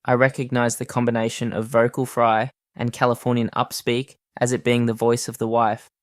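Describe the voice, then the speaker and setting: A man voicing a nervous male staffer hired for a royal tour, recounting it deadpan. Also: mid-range voice, normal speed, no echo, clean studio sound, pitched above the performer's own voice, close to an everyday voice. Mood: uneasy.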